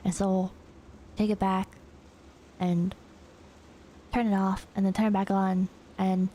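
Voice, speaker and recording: A woman streamer telling a story in a rambling, animated way with casual swearing. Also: medium pitch, slow pace, slight background noise.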